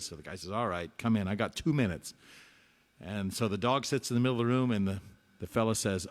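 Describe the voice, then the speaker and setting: A man hosting a relaxed music show from his small home studio, chatting and telling jokes between songs. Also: on the low side, fairly quick. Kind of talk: casual live-stream chat and song.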